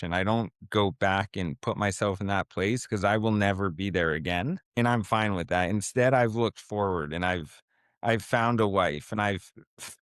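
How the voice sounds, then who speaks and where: A man's voice: fairly low pitch, smooth, no room sound, studio quality. A man in his thirties, a podcast guest, talking casually with lots of fillers and laid-back slang, speaking from home. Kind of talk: casual interview talk. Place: home, with a baby heard nearby.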